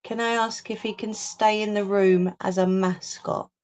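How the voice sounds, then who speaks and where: Slow-talking chatty woman crafter. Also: medium pitch, fairly even intonation, darkish tone. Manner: chatty, answers viewer comments aloud. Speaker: crafting livestream host. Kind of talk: casual live chat while crafting. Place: home craft room, indoors. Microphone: phone or webcam on a livestream.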